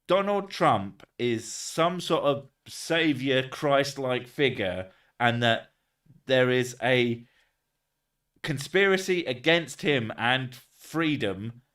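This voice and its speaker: On a distant mic, a man with a medium-pitched, somewhat bright voice chats casually during a livestream. He swears often and laughs between rambling thoughts.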